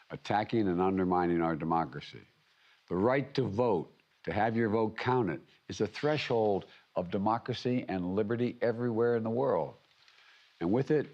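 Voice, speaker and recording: An older American man delivering a formal prepared speech as head of state, emphatic and measured, often restarting and repeating words. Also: low voice, a little mellow, dull audio. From United States. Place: conference venue.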